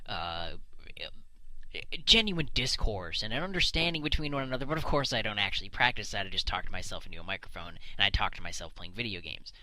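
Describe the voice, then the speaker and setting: Solo commentary host, male, ranting bluntly into a desk mic; very bright tone, lively swooping pitch. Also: fast, dry recording, poor audio. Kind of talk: unscripted opinion monologue. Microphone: desk microphone.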